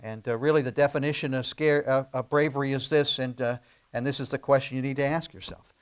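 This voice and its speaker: A male pastor preaching a sermon, asking the congregation rhetorical questions and slowing down to stress key phrases. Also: medium pitch, fairly even intonation, clean tone. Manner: rising to emphatic, slowed declarations on key phrases.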